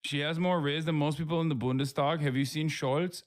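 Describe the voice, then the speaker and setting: A man's voice: on the high side, fairly quick, few pauses. A man streaming live, reacting to news clips with sarcastic, mocking commentary. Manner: sarcastic, animated, mocking asides.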